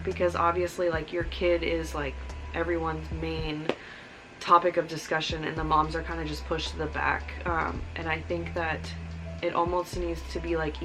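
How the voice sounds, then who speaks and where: A young new mother vlogs casually and heartfelt, talking earnestly and rambling with fillers while near tears. Her lowish voice sounds pushed and bright, and the recording is rough.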